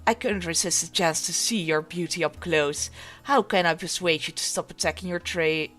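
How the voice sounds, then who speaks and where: A woman's voice: fairly low pitch, normal speed, a bit bright, soft background music. A woman voicing a bold pirate queen with hearty, mock-courtly pirate talk, reading a game's dialogue aloud. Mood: swaggering.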